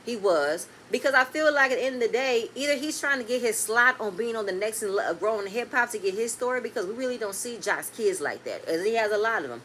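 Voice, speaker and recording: High-ish voiced woman, ranting about a reality show, faint hiss behind. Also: fast, few pauses. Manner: animated, blunt and swearing, swings between loud and quiet. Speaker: reality TV recap host. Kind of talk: casual episode review.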